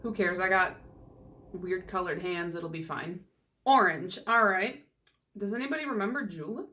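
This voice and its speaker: A woman's voice: lowish voice, moderate pace, pushed and bright. A young woman in a casual, rambling, self-deprecating chat about nail polish as a YouTuber.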